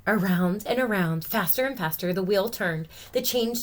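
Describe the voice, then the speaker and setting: A woman teacher reading a picture book aloud to children, expressive with gentle asides. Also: medium pitch, normal speed.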